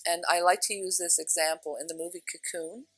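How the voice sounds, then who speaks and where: A woman's voice: lowish voice, fairly even intonation, a little fast, no echo, poor audio. A woman giving a spiritual teaching talk, earnest and emphatic, repeating phrases for stress.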